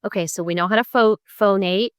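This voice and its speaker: A middle-aged woman, a music therapy professor, giving an online lecture with vocal exercises in a clear, patient way, often checking in with "right?" and "okay?". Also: mid-range voice, brisk, dry recording, studio quality. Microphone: computer mic on a video call.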